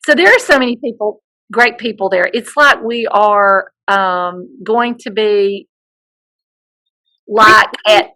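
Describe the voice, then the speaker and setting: A woman's voice: mid-range voice, slow pace, sharp tone, poor audio. A woman co-hosting a podcast, chatting casually and joking and teasing her partner. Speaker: podcast co-host. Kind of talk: casual chat.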